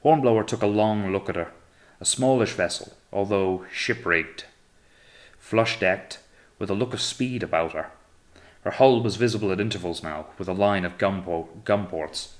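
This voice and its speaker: A man reading an audiobook of a naval adventure in steady, measured narration. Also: fairly low pitch. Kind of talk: scripted narration.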